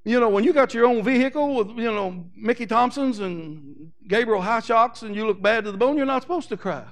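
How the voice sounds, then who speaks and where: Older male pastor, high-pitched, fervent preaching with call-and-response. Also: expressive, a little fast. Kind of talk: sermon.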